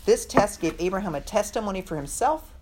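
A woman's voice: mid-range voice, lively intonation, brisk, darkish tone, a little hiss or hum. A woman teaching a women's Bible study, earnest and reflective, acting out the scripture quotes as she goes.

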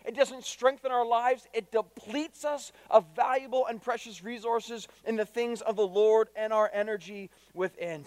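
A man's voice: sits high, no room sound, in a large hall. A man preaching a sermon to his congregation, emphatic, repeating key phrases and putting direct questions to his listeners. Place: church.

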